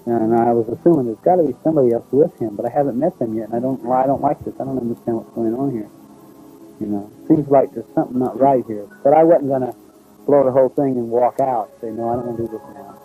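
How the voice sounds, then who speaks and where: A man's voice: medium pitch, fast, dark tone, faint music behind, low-quality recording. A middle-aged man telling a personal story in a rambling, folksy way, acting out what others said to him. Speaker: abduction witness.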